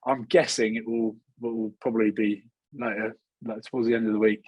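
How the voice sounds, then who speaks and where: A man in his thirties from Scotland chats on a video call with a slightly husky voice. He rambles cheekily through his stories. The sound is dry and close, with little room behind it. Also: lowish voice, level tone, brisk, a little mellow, dry recording, low-quality recording. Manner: cheeky, rambling banter with laughs. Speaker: rugby player, regular co-host. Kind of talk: casual chat.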